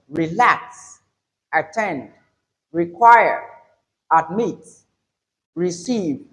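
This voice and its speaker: A man teaching English pronunciation in a lesson, drilling example words aloud one by one with deliberate emphasis. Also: a little high, poor audio.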